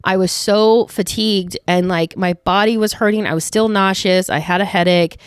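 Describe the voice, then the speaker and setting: Young woman vlogger, casual rambling storyteller, smooth low-ish voice, dry close recording. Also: fairly even intonation, moderate pace, dry recording. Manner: chatty storytelling with many fillers. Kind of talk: casual chat to camera.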